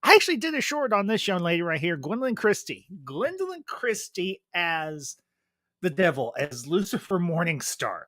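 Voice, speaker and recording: A man's voice: high voice, very animated, moderate pace, pushed and bright, no room sound, clean studio sound. A man hosting a casual review stream, chatting with enthusiasm and restarting his phrases often. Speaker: YouTube reviewer.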